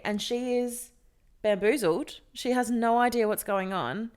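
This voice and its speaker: Fairly high-pitched and a little slow, a woman co-host shares a story in casual podcast chat. She tells it animatedly, cursing freely and putting on voices for the people she quotes.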